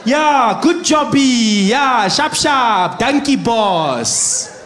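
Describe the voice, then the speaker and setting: Guy doing a loud bossy driver, slow and sing-songy. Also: extremely high pitch, animated, echoey room, pitched above the performer's own voice, exaggerated voice. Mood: patronizing. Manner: shouting, slow, sing-song, talking down. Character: condescending male driver bossing a pump attendant.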